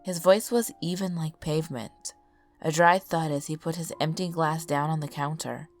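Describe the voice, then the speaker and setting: A woman reading a scripted horror story aloud in a calm, measured way, as the channel's narrator. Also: low voice. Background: faint background music.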